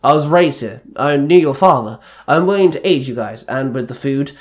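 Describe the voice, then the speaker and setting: A kind young leader explains himself calmly, in a man's voice. It is part of a one-man fan audiobook. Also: medium pitch, moderate pace, close to an everyday voice. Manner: calm, explaining. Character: kind young aid worker, male leader.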